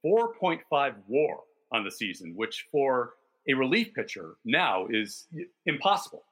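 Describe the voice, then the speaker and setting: Man, podcast co-host, bright voice, husky tone, detailed and enthusiastic. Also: mid-range voice, sing-song, measured pace. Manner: detailed, enthusiastic storytelling with stats. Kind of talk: casual sports chat.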